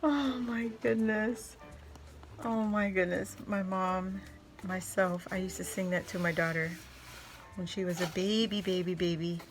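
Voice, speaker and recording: Woman, craft vlogger, casual unboxing chat, gushing, effusive, laughs a lot, middle pitch, faint music behind. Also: fairly even intonation, unhurried. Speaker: craft vlogger opening gifts.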